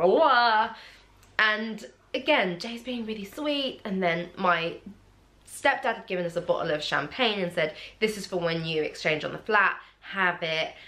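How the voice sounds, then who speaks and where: A young woman talks casually to the camera, retelling a personal story. Her pitch swings widely, leaping up high whenever she acts out what someone said. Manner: animated, acts out quotes in a jumpy high voice. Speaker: vlogger.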